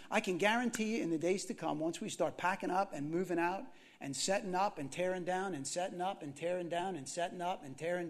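Male preacher, very high voice, animated sermon delivery, repeats phrases and quizzes the room. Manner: animated, repeats phrases for emphasis, questions the congregation. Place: church gathering.

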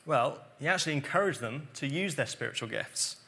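A man preaching a sermon, explaining scripture earnestly and dropping to quiet emphasis on key points. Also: medium pitch, lively intonation, brisk, creaky.

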